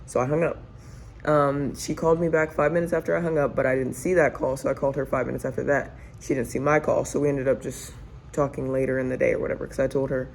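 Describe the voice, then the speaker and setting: Young adult female vlogger: creaky, mellow voice, chatty storytime delivery from her home kitchen. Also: a bass voice, fairly even intonation, fast talker, a little hiss or hum, poor audio. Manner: chatty, rambling, filler-heavy. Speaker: family vlogger. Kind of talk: casual storytime chat. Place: home kitchen while cooking.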